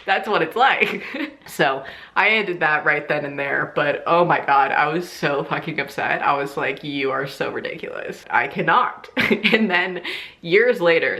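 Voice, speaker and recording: A young woman vlogger telling a casual storytime, animated and laughing often, swearing freely and squealing high on quoted lines.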